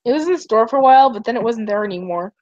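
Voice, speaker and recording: A young woman rambles and giggles through a casual stream chat in a somewhat high voice. The sound is dry and a little dull. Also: lively intonation, very fast, a little mellow, no room sound. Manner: rambling, giggly, tells stories with acted quotes. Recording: dull, muffled stream audio.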